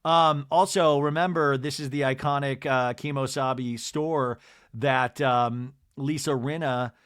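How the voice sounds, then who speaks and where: A man's voice: mid-range voice, fairly even intonation, a little slow, fairly bright tone, clean tone, no echo, clean studio sound. A man hosting a comedy podcast, recapping a reality show in a gossipy, dramatic way and mimicking the people in it. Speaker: podcast host.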